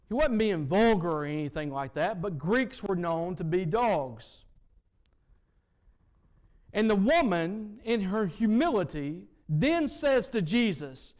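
Male preacher, sermon delivery, storytelling with repetitive emphatic build-ups, slightly higher voice. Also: lively intonation, slow pace. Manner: storytelling, rising and falling loudness, repetitive emphatic phrasing.

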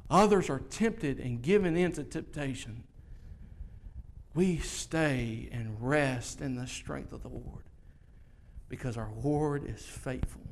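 A man preaching a sermon, slow and earnest, rising loud and high at its peaks. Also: creaky, a little hiss or hum. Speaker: pastor.

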